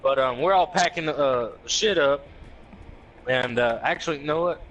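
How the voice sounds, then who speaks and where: A man's voice: a little high, moderate pace, a little hiss or hum, rough recording. A man telling a rowdy story to friends, swearing freely and acting out the quotes. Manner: animated, profane, acts out quotes in raised voices.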